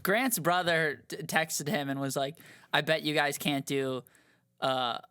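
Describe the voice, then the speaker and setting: A man's voice: fairly high pitch, a little slow, sharp tone, clean tone, dry recording, clean studio sound. A man co-hosting a comedy podcast, telling stories in casual chat with lots of fillers. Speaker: podcast co-host.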